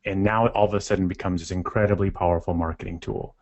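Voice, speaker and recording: A man with a fairly low voice explains things in an upbeat way. His audio comes through muffled and lo-fi, as if from a modest mic. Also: steady tone, fast, a little mellow. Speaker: company representative, co-host. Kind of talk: webinar talk.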